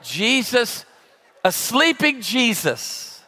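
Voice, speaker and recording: A man's voice: very high voice, very animated, extremely slow, bright, forceful tone, some chatter behind, a little hiss or hum. A man in his forties, a pastor preaching a sermon and telling funny stories, with playful sound effects. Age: 40s. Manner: humorous storytelling with sound effects.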